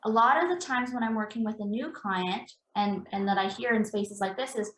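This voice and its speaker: A woman's voice: a little high, moderate pace, a bit bright, roomy sound, poor audio. A woman, an embodiment practitioner, explaining in an earnest, conversational interview, repeating phrases for emphasis.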